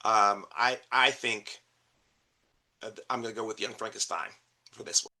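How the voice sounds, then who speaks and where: Man, podcast co-host, very bright tone, hesitant, repeats words. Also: lowish voice, steady tone, normal speed. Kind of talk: casual panel chat.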